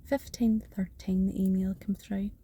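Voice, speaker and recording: A woman's voice: medium pitch, flat delivery, unhurried, dark tone, breathy edge. A woman telling a personal faith testimony in an earnest, half-whispered way, repeating phrases for emphasis.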